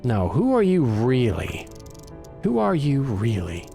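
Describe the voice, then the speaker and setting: Testy, confused game heroine, voiced by a male streamer, lively pitch. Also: takes it slowly, gravelly, soft background music, exaggerated voice. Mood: exasperated. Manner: exasperated, questioning. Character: bewildered, testy young woman heroine.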